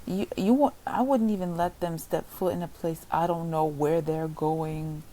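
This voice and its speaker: A woman's voice: low voice, steady tone, moderate pace, dark tone, a little hiss or hum, poor audio. A woman co-hosting a podcast in casual chat, chiming in with short incredulous questions. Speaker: podcast co-host.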